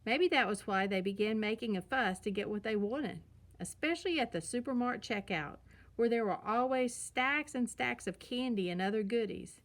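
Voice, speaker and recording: Female storyteller reading aloud for children, clear and expressive, slightly high voice. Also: normal speed.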